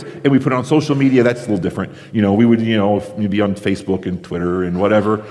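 A pastor delivering a sermon in a conversational way, acting out the crowd's reactions, from the United States. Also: male voice, on the low side, quick pace, hardly any pauses, darkish tone. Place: large theater-style church auditorium. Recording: long hall reverb.

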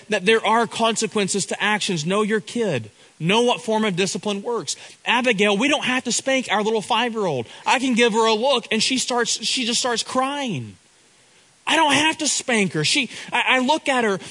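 A man's voice: high voice, bright, forceful tone, low-quality recording. A middle-aged man preaching a sermon, earnest, often repeating and restarting his words.

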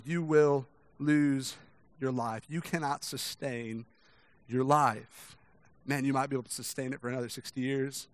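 In a dry recording, a young pastor delivers a casual, conversational sermon full of restarts and "right?" check-ins. When quoting others he acts out their voices, his pitch and volume rising sharply.

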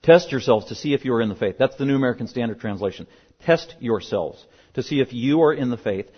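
A man's voice: medium pitch, lively intonation, fast, breathy edge. A male pastor preaching a sermon, emphatic and driving points home through repetition. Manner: emphatic, repeats key words for stress. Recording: dull lo-fi sermon recording.

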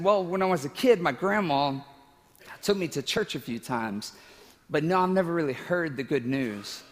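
Man preaching in a reverberant hall. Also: a little high. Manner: emotional, tearful at times, laughing asides. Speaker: pastor. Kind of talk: sermon with personal story.

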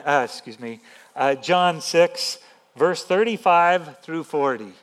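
A man pastor giving a sermon in an animated, emphatic, conversational way. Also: high-pitched.

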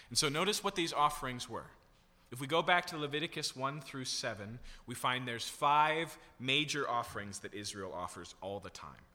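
A man's voice: medium pitch, expressive, moderate pace, sharp tone. A man preaching a sermon as a pastor, teaching through a text and asking the congregation questions. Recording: long hall reverb.

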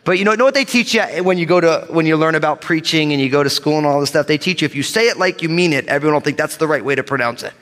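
Joking pastor preaching in a big hall. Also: male voice, fairly high pitch, very fast, hardly any pauses. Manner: lively, joking, calls for amens. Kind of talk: sermon. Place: church sanctuary with live congregation. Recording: reverberant hall sound.

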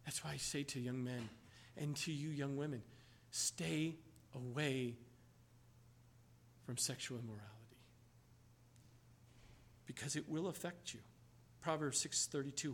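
A man's voice: mid-range voice, unhurried, pauses often. A man preaching a sermon, telling stories with emphatic exclamations.

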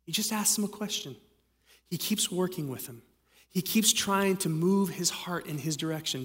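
Brief: male pastor, a bit high-pitched, chatty yet dramatic preaching, long hall echo. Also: normal speed, a bit bright. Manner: conversational preaching with dramatic readings. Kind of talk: sermon.

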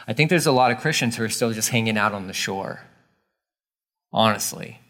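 A man's voice: fairly low pitch, a little fast, a bit bright. A man giving a sermon as a pastor, casual and emphatic, repeating key lines for weight.

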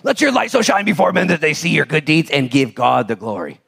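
A man preaching a sermon as pastor in a church, animated and storytelling, swinging from hushed intensity to loud exclamations. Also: on the high side, fairly quick, creaky, slightly rough. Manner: storytelling, acts out quoted dialogue.

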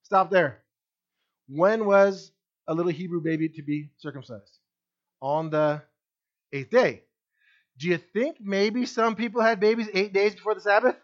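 Animated male preacher, slightly dull recording. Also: a little slow, long pauses. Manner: animated preaching with wide swings in pitch and loudness; asks the congregation questions directly. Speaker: pastor. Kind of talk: sermon.

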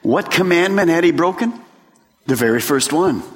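A man preaching a sermon as a pastor, swinging between loud bursts and hushed lines. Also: fairly high pitch, lively intonation, normal speed. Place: church sanctuary. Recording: long hall reverb.

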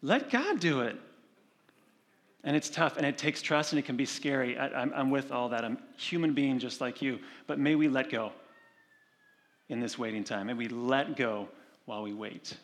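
A male pastor giving a sermon, talking conversationally and slowing down to read scripture. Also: mid-range voice. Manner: conversational preaching with animated retold stories; slows and softens for scripture reading.

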